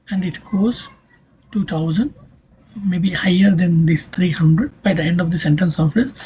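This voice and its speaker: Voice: mid-range voice, dark tone, lo-fi sound, slight background noise. A linguistics lecturer giving a recorded exam-prep lesson, explaining step by step and checking in with "okay" and "right".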